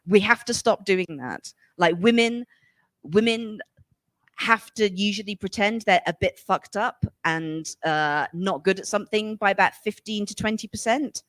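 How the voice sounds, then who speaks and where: A woman's voice: medium pitch, a little slow, no room sound. A woman from England in her forties, an author talking frankly in a casual conversation, acting out the voices of people she quotes. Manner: animated, acts out voices when quoting people; frank and emphatic, swears casually. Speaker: author and guest.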